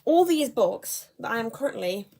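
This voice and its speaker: A woman's voice: on the high side, sing-song, moderate pace, creaky, dark tone. A young woman, chatting casually in a book vlog, rambling and correcting herself as she goes. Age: young adult. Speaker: book vlogger. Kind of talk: casual chat.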